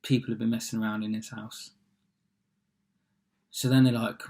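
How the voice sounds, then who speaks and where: A man's voice: on the low side, little pitch movement, moderate pace, gravelly, pauses often, darkish tone. Rambling young man retelling a fairy tale. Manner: rambling and offhand, full of fillers and asides. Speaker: storyteller.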